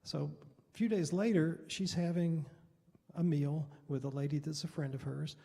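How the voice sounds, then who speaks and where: A man's voice: on the high side, fairly even intonation, moderate pace, creaky, mellow. A middle-aged man, a Baptist pastor, telling a mission story at a Bible study in a loose, rambling, conversational way. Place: church hall. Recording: reverberant hall.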